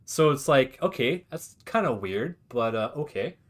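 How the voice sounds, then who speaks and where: In an expressive, unhurried medium-pitched voice, a male gamer talks loosely on his stream. He wanders through his views, peppering them with "like" and assorted fillers.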